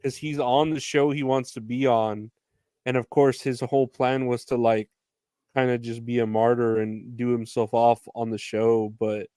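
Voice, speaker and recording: A man co-hosting a casual podcast chat, laid-back and quick to laugh. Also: medium pitch, level tone, dark tone, clear, resonant tone, no echo, clean studio sound. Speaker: podcast co-host.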